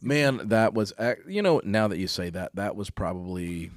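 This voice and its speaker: A man co-hosting a podcast in casual chat, agreeable and quick to chime in. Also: fairly low pitch, expressive, no echo, clean studio sound. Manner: agreeable, many yeahs and rights. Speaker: podcast co-host.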